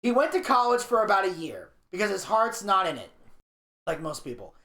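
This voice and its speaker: A man co-hosting a podcast, casually recapping a documentary and telling stories with lively impressions. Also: high-pitched, fairly quick, reverberant. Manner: animated storyteller, slips into impressions. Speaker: podcast co-host. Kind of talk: casual review chat, reading episode notes.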